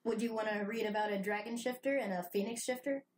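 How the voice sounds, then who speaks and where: A woman's voice: medium pitch, fast talker, slight background noise. A woman hosting a casual podcast chat who reads book blurbs aloud with playful emphasis and frequent giggles. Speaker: podcast host.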